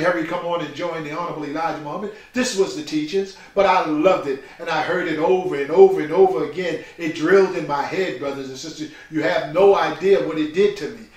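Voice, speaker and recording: An older man gives a preaching personal testimony, emphatic and repetitive, calling listeners brothers and sisters. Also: fairly high pitch. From New York. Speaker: speaker telling his life story. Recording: very echoey room, far from the mic.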